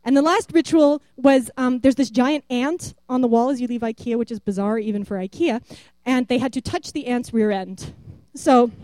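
A woman telling a rambling, animated testimony story and acting out the voices of the people in it. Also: fairly high pitch, normal speed, dry recording. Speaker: church member giving a testimony.

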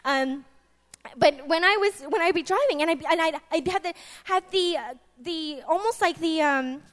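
A woman in her twenties preaching a sermon, chatty and lively, moving from soft asides to loud, laughing bursts. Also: very high-pitched, moderate pace. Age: 20s. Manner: chatty, with many restarts and fillers.

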